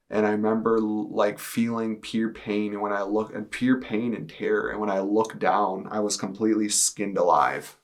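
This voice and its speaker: A man in his twenties giving a personal testimony to camera, in a casual, halting way with many fillers. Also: lowish voice. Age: 20s. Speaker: testimony speaker. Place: indoors, speaking to a camera.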